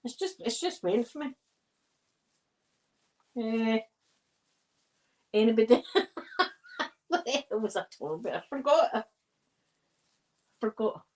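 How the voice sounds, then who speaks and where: A woman's voice: a little high, expressive, a little slow, pauses often, a little mellow. A Scottish woman chatting casually and rambling through stories as she decorates a tree for an ASMR video. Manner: rambling, digressive storytelling.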